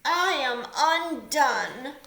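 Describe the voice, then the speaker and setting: Lady doing a cranky storybook bear, shouty and bouncy, echoey room. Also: high voice, big pitch swings, extremely slow, creaky, pitched above the performer's own voice, exaggerated voice. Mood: blubbering. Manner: loud, exclamatory outbursts. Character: grumpy male bear, gruff and exasperated.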